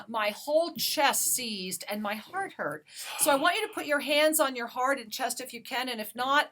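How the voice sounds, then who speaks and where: A woman with a fairly high voice hosts a spiritual talk radio show. She speaks slowly and soothingly, offering affirming guidance and leading listeners through breathing. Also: pushed and bright.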